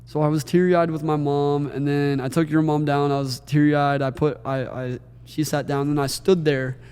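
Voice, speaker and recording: Male podcast co-host, emotional rambling storyteller, slightly high voice, hall reverb. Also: little pitch movement, moderate pace, a little mellow, clean tone. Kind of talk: casual chat. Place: wedding venue.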